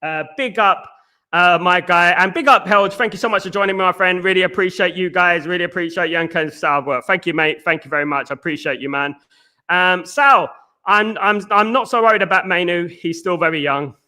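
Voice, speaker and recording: Host type: man, out of breath, high bright voice, chatty, keeps saying "absolutely.". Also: fairly even intonation, a little fast. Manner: chatty, repeats "absolutely" and "big up". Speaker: host of a football live stream. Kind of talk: casual live-stream chat reading viewer comments.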